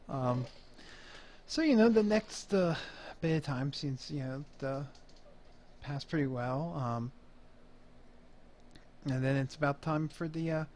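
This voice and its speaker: A man running a tabletop game as game master. He describes scenes in a meandering way, full of pauses and fillers. His voice sits a little above average for a man. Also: on the high side, darkish tone, a little hiss or hum. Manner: rambling, hesitant, many fillers.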